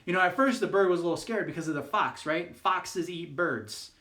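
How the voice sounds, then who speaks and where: Youth pastor guy rambling thru a story, um and uh everywhere, kinda high voice, echoey room. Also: a little fast, pushed and bright. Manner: casual, rambling storytelling with many fillers and restarts. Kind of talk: youth group devotional talk.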